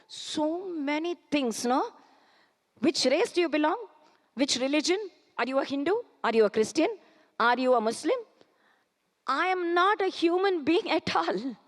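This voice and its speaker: A woman with an Indian English accent giving a spiritual talk, firing off rhetorical questions and chanting Sanskrit verses slowly. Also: high voice, animated. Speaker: spiritual speaker. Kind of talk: spiritual discourse with storytelling. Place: large auditorium. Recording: auditorium reverb.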